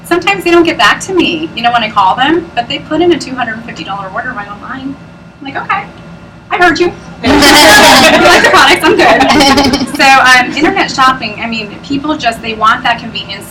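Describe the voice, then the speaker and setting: Chatty woman giving a sales pitch to a room, laughs a lot, distant mic, noisy. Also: animated, fairly quick. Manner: bubbly, chatty, laughs often. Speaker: presenter at a business opportunity meeting. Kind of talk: sales pitch talk to a live audience.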